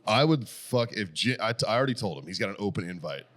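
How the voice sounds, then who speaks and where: A very deep-voiced man swaps stories on a podcast. He swears freely and laughs through his own retelling of a text exchange, in loose, casual chat. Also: expressive, fast, a bit bright. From Boston area. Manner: profane storytelling, retelling texts with laughter. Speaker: podcast co-host.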